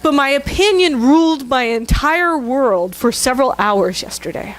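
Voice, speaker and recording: A woman's voice: sits high, lively intonation, moderate pace. A middle-aged woman minister giving a sermon, telling a candid, self-mocking story with laughter to her congregation. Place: church sanctuary.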